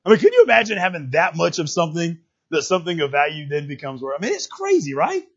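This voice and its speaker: A man preaching a sermon in a conversational, animated way, often restarting his words. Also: on the high side, fast, slightly rough, muffled recording. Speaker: pastor.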